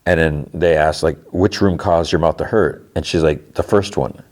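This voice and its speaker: A man with a deep, low-pitched voice hosts a podcast in a loose, conversational way. He retells scenes by running through who said what, stringing quotes together, and pausing to wonder aloud what it all means. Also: steady tone, a little mellow. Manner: retells scenes with quick "she's like" dialogue; wondering asides about plot. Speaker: podcast host. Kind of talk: casual episode recap.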